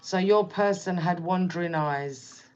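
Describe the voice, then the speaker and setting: A woman with a low voice gives a casual tarot reading, talking to the listener bluntly and repeating her points. The recording is dull and lo-fi. A faint hiss sits underneath. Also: a little slow, a little mellow. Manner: blunt, repetitive, direct address. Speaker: tarot reader.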